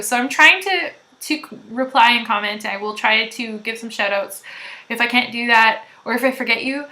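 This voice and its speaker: A woman hosting a knitting podcast, chatting loudly to viewers in a gushing, rambling way. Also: fairly high pitch. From Canada. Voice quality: loud. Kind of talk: casual chat to viewers.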